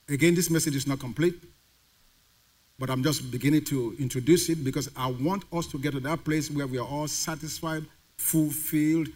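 A man's voice: fairly high pitch, a bit bright. A male pastor preaching a sermon to a congregation, putting questions to the crowd and having them call the answers back. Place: church sanctuary.

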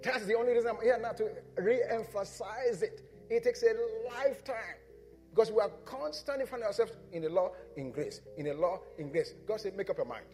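A man with a notably high voice preaches to his congregation, firing questions at them and answering them himself. His voice rings through a reverberant church hall. Soft instrumental music plays faintly underneath. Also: fairly quick. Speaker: pastor. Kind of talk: sermon. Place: church sanctuary.

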